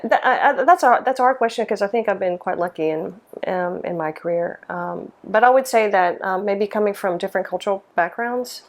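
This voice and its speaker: A woman's voice: mid-range voice, a little fast, hardly any pauses. A middle-aged woman from Mississippi, a lighting designer, answering interview questions in a thoughtful way, with many ums and restarts. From Mississippi, USA.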